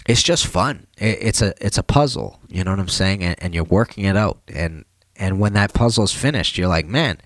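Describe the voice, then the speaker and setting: A man's voice: fairly low pitch, no room sound. A tired man vlogging casually about his plumbing work, chatty and slangy. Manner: chatty, slangy, animated when retelling. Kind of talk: casual vlog talk.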